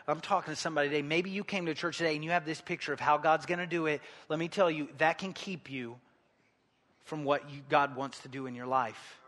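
A man preaching a sermon in a church, animated, acting out the scripture story and calling the congregation to join in. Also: on the high side, fairly quick. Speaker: pastor. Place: church hall. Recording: long hall reverb.

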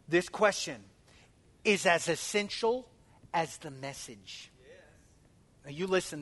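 A man preaching a sermon as pastor, emphatic and calling out to his congregation, swinging between loud declarations and hushed near-whispers. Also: sits high.

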